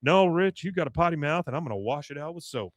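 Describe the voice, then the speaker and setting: A man's voice: on the high side, expressive, fast, no echo. A man co-hosting a podcast, casually retelling a cartoon episode and quoting its characters with frequent laughs. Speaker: podcast co-host.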